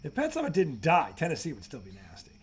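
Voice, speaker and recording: A man's voice: on the high side, wildly swooping pitch, fast talker. A man co-hosting a casual sports talk show, ranting heatedly and swearing freely.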